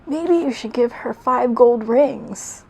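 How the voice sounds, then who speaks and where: Woman doing a squeaky young fox sidekick. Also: takes it slowly, creaky, darkish tone, husky, heavily acted, low-quality recording. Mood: chipper. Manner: chipper, high-pitched. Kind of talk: reading her old fanfic aloud.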